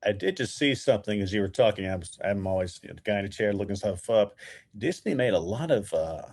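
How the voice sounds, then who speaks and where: A man co-hosting a podcast acts as its researcher, looking things up and steadily reading facts aloud in casual, informative chat. His voice is fairly low and quick, with no echo.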